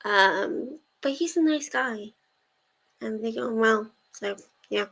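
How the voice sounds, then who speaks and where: Giggly and full of fillers, this woman chats with viewers while hosting a casual reading-sprint livestream. Her voice is on the high side, gravelly and fairly bright, slow-paced, with a little hiss or hum in the recording.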